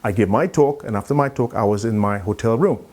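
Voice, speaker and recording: A man giving a conference talk, telling a story in an animated way and acting out the dialogue. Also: on the low side, a little fast. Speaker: keynote speaker.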